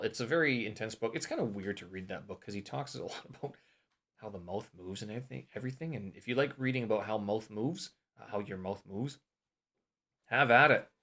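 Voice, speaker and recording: A man's voice: fairly low pitch, fairly bright tone. A man hosting a vlog, casually talking through course material while thinking aloud, trailing off and restarting, and testing word stress aloud on single words. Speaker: language-learning vlog host.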